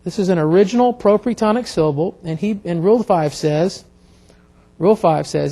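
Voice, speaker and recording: A man teaching a classroom grammar lecture, explaining step by step in a halting way with many pauses and restarts. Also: high voice, dark tone. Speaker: Hebrew instructor.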